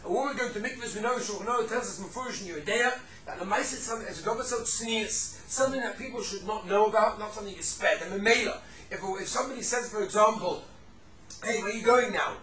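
Man, high voice, animated class delivery, acts out the examples, roomy echo, slightly off-mic. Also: fast talker, recorded from a distance, a crowd in the background. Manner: animated, acts out quoted speakers, sprinkles Yiddish and Hebrew terms. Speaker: Torah teacher. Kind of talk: casual halacha class.

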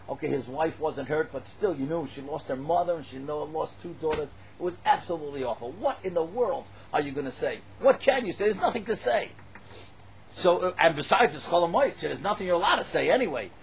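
Brief: high-pitched male storyteller giving a sermon, emphatic and lively. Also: a little hiss or hum, rough recording. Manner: animated, emphatic, rising to exclamations. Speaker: religious storyteller.

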